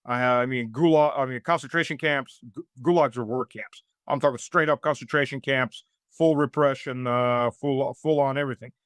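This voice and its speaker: Speaking at a moderate pace, this middle-aged man from the United States sounds smooth and fairly bright, with a medium pitch and fairly even intonation. As an interview guest he gives blunt, sardonic remarks peppered with hesitant fillers, recorded in studio quality without room sound.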